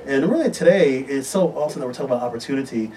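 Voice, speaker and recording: Enthusiastic male health-show host, mid-pitched, a little distant from the mic with faint hiss. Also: expressive, very fast, mellow. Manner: upbeat, enthusiastic, promotional. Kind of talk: live studio talk show. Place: radio studio.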